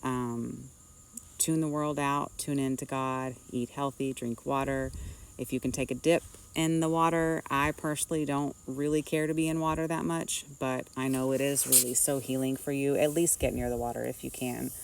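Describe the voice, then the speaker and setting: A woman's voice: rumbling low, flat delivery, moderate pace, vocal fry, clean tone, distant mic, rough recording. A woman, a nurse, giving earnest, rambling spiritual advice in a casual vlog, recorded outdoors.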